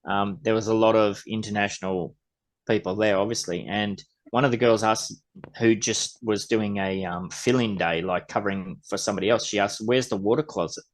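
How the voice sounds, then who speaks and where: A man's voice: on the low side, steady tone, normal speed. Chatty Australian man co-hosting a podcast. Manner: joking, chatty, swears casually. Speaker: podcast co-host. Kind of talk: casual chat.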